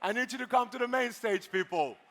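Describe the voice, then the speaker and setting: A high-voiced man working a conference crowd from the main stage, bantering playfully and calling out instructions. His voice rings with the long reverb of a big hall. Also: fairly quick, fairly bright tone. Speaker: event host. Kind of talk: live stage hosting.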